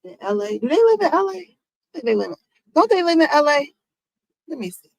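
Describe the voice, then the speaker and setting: Her voice sits high, gravelly and very animated, moving a little fast, as this woman streamer reacts casually to celebrity news. She talks to her chat with rhetorical questions and African American Vernacular English phrasing, and the audio is dry and poor.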